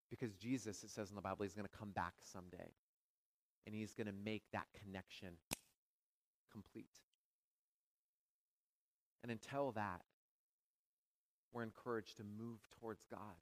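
A male pastor preaching a sermon, with dramatic rises into near shouting and hushed, quiet drops. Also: fairly low pitch, no room sound, poor audio.

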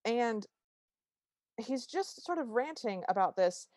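A woman's voice: fairly high pitch, animated, slow, a little mellow, dry recording, studio quality. A woman co-hosting a podcast, casually retelling a TV special's plot and quoting its lines. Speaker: podcast co-host. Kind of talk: casual chat recapping a TV special.

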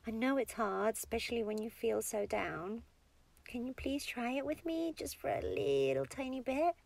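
A woman's voice: a little high, expressive, moderate pace, gravelly, a little mellow. A woman in a whispered role-play as a comforting partner, tender and coaxing, often giggling and dropping into whispers.

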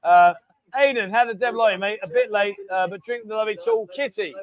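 A man's voice: sits high, fairly quick. A man hosting a casual live stream, chatting with viewers, reading out their messages and calling everyone mate.

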